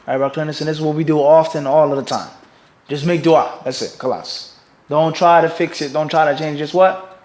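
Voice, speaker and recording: Mufti guy teaching a class, kinda high voice, keeps going "what?" and "everybody understand this?". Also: fast talker. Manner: quizzes listeners with fill-in "what?" prompts; animated, mixes in Arabic terms. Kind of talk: religious lecture.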